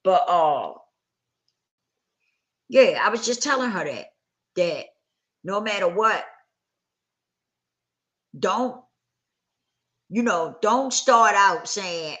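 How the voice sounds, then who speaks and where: Speaking very slowly with frequent pauses, a woman hosts a live motivational talk in an animated, fairly bright, medium-pitched voice. She earnestly repeats her points for emphasis and keeps checking in with her listeners.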